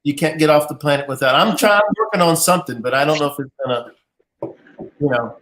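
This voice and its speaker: A man's voice: a little high, a little fast, a bit bright. A man hosting a live interview show, jovial and teasing with his guest. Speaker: host.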